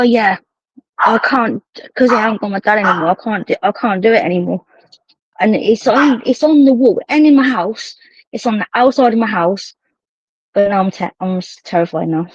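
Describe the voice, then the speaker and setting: A woman's voice: fairly high pitch, no room sound, highs cut off. A woman hosting a live stream, chatting casually, swearing freely as she tells stories. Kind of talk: casual chat. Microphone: phone on a live stream.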